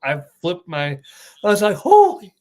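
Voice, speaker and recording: A young man hosts a casual wrestling talk show. His voice sits a bit high, and he tells his stories with excitable energy and freely dropped swear words. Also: moderate pace. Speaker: podcast host.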